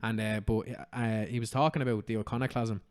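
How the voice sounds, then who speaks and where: A man's voice: fairly low pitch, flat delivery, fairly quick, clear, resonant tone. An Irish man hosting a podcast, chatting casually with lots of swearing and "do you know what I mean". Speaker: podcast host.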